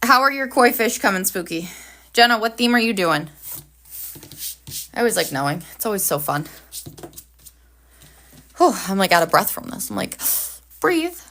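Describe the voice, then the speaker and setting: A planner livestream host draws while chatting casually and cheerfully with her viewers, upbeat and talkative as she works. Her female voice is medium-pitched, bright and forceful, with a moderate pace broken by long pauses.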